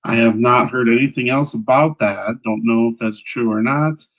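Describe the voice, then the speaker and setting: A man hosting a casual livestream, rambling as he checks his audio, greets viewers by name and often clears his throat. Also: mid-range voice, normal speed, a bit bright, lo-fi sound. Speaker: livestream host.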